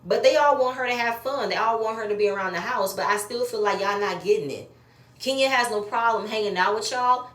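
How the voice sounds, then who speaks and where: A woman's voice: mid-range voice, fairly bright tone. Blunt woman recapping TV in an echoey room. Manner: blunt, profane, opinionated. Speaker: reality TV recap host. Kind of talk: casual reality show review commentary.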